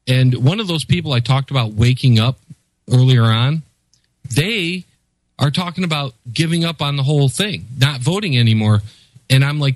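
Ranting American man, slightly high voice. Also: no room sound, rough recording. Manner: exasperated, ranting. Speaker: podcast co-host. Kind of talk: casual political chat.

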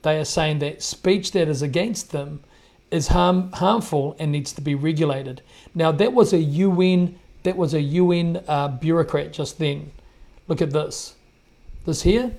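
A man talks over clips on his podcast. His voice sits a little high and has a gravelly edge. He sounds indignant and hammers his points home by repeating them. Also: darkish tone. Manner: indignant, emphatic, repeats himself. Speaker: podcast host. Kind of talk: commentary on played clips.

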